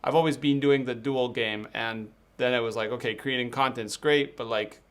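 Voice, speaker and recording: A man's voice: mid-range voice, fairly even intonation, normal speed. A man from Spain, raised bilingual, with an American-leaning English accent, chatting casually in an interview and filling his talk with "like" and quoted thoughts. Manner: chatty, many fillers and quoted self-talk. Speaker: photography channel host.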